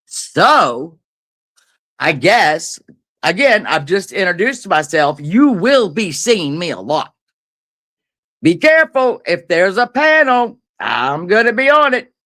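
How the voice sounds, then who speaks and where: A guest on a livestream, a woman, tears into someone in a profane, taunting rant. Her voice is bright and sharp, and it swings up and down constantly as she talks. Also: on the low side, very animated, slow pace.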